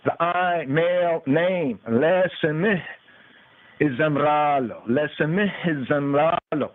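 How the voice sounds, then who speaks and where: A man works through scripture at an unhurried, deliberate pace, repeating and chanting single words as he translates them. His voice sits a bit higher than most men's. It comes through a tinny phone line from somewhat away from the mouthpiece. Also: recorded from a distance. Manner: repeats and chants words, pausing between phrases. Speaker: radio podcast host teaching scripture. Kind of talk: slow scripture study with word-by-word translation. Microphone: phone call-in line.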